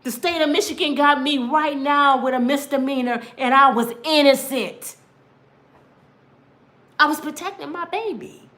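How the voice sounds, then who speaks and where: A woman's voice: high voice, unhurried, a bit bright. A woman in her fifties telling her own story in an impassioned personal monologue, emphatic and preachy, speaking straight to her listeners and acting out what others said. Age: 50s. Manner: acts out other people's words in quotes.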